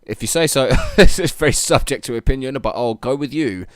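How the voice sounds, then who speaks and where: A man's voice: mid-range voice, fairly quick, dry recording, studio quality. Teasing, hesitant man. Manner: teasing, hesitant, curious questions. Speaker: podcast co-host. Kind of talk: casual chat. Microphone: own microphone.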